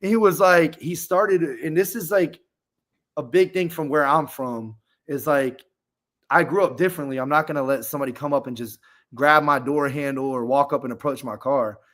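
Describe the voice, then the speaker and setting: A man's voice: a little high, moderate pace, fairly bright tone. A man talking as a podcast guest, telling a candid personal story in a rambling, casual way, full of fillers.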